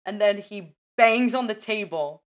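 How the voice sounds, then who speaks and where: Animated woman retelling a film. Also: mid-range voice, measured pace. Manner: animated storyteller, acts out lines. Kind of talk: casual chat recapping a film.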